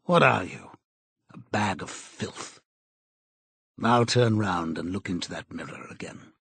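Casting: a man playing a cold, menacing interrogator with a husky voice, read dry and close. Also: deep voice, fairly bright tone, no room sound, pitched below the performer's own voice, exaggerated voice. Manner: cold, measured, contemptuous. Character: cold menacing male interrogator, middle-aged. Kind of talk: audiobook character reading.

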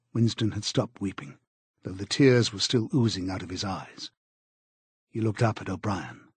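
Casting: male audiobook narrator, husky voice, grave and even, dry close recording. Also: on the low side, moderate pace, no room sound.

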